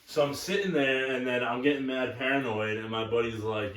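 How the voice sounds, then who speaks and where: Here a young podcast co-host rambles bluntly through crude stories in casual chat. His voice is medium in pitch, fairly bright, and a little fast, recorded at a distance in an echoey space.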